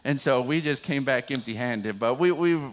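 An older man, a grandfather and pastor, telling a personal story in a sermon that builds into animated preaching. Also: mid-range voice, moderate pace. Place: church sanctuary.

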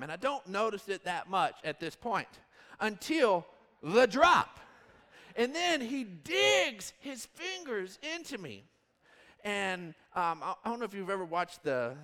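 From the pulpit, a pastor in his thirties tells a story in a high, bright voice, rambling and growing more animated as he goes. A long reverb from the church hall trails his words in this storytelling sermon.

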